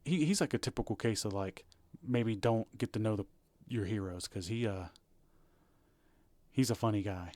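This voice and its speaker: A man's voice: fairly low pitch, moderate pace, pauses often, a little mellow, dry recording. A man co-hosting a podcast, talking casually and rambling, with restarts and fillers. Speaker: podcast co-host. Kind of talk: casual chat.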